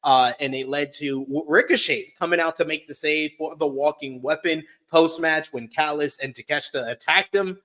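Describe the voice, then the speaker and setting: Calm, slightly high-voiced man recapping. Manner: calm, defends his view, laughs, reads chat comments. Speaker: co-host. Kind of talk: casual podcast recap.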